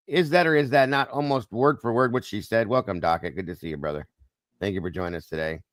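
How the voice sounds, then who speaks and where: Man, low voice, dry close sound, casual livestream host, talks to chat. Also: fast, dry recording. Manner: musing, talks straight to chat viewers. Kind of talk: casual live-stream discussion.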